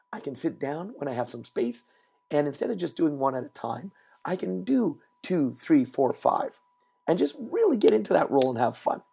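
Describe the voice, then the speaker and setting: Animated male podcaster with a gravelly edge. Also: on the high side, slight background noise. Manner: animated storyteller, repeats words for emphasis. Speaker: podcast host and trainer. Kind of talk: solo motivational podcast talk. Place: recorded while traveling.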